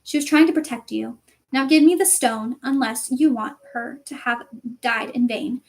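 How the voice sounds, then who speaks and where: Voldemort, a woman voicing a hissing dark wizard. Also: high voice, moderate pace. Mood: mocking. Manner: snarling, hissing threats. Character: cruel dark male wizard, menacing.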